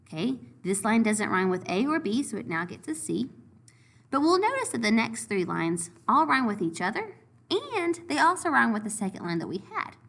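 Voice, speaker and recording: Woman teacher, clear step-by-step explainer, animated delivery. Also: on the high side, normal speed. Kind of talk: recorded lesson review.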